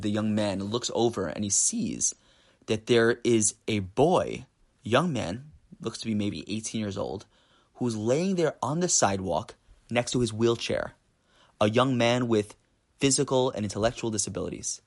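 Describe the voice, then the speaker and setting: A man's voice: lowish voice, normal speed. A man giving an inspirational talk with a story, speaking with emphasis and rising force on key points. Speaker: teacher.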